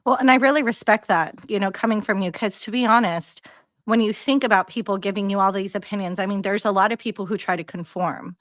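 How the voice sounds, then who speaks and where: A woman hosts a casual conversation, her voice landing at a medium pitch and recorded dry and close, with no room sound. She talks in a bubbly, engaging way, encouraging her guest and often tucking "you know" into her sentences. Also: quick pace, a bit bright, no room sound. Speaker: podcast host.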